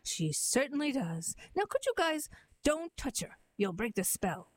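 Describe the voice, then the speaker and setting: Casting: a woman playing a vain young storybook prince, hesitant, stammering, a bit high. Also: big pitch swings, a little slow, dry recording, exaggerated voice. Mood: sheepish. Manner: sheepish, stammering, pleading.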